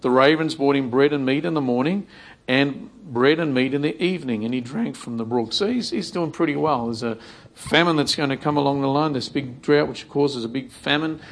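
A man's voice: medium pitch, fairly quick. A man preaching a sermon in a conversational way, repeating phrases and acting out imagined prayers.

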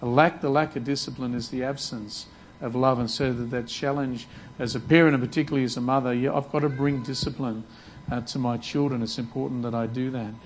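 A man's voice: medium pitch, steady tone, a little fast, a little hiss or hum, rough recording. A man preaching a sermon earnestly, often repeating words as he restarts his sentences. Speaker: pastor.

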